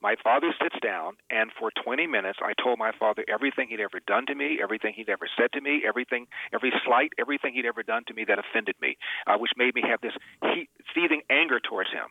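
A man's voice: mid-range voice, big pitch swings, fast talker, vocal fry, hardly any pauses, no echo. A male radio host telling an emotional personal story in an interview, with emphatic repetitions. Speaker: radio host and author, guest. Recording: tinny phone line, dry.

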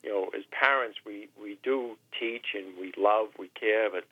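Halting man in his sixties on a phone line. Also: fairly low pitch. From New Hampshire. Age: 60s. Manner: halting, repeats words, voice breaking. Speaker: guest. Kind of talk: emotional radio interview. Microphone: telephone.

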